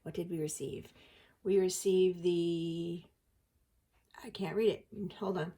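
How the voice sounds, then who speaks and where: A woman's voice: on the low side, fairly even intonation, takes it slowly, mellow. A woman hosting a casual unboxing chat, talkative and giggly as she thinks aloud. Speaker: host.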